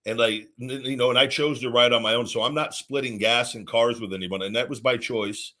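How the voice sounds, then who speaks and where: A man, a former wrestler, hosting a casual podcast and telling relaxed road stories with frequent restarts. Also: medium pitch, brisk.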